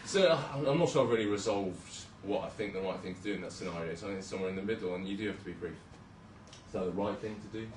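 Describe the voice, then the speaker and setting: This young man, a junior doctor, speaks fast with hardly any pauses in a low, darkish voice during a casual slide presentation. Chatty and self-deprecating, he keeps hesitating with ums and restarts, sounding distant in an echoey hall with light room noise.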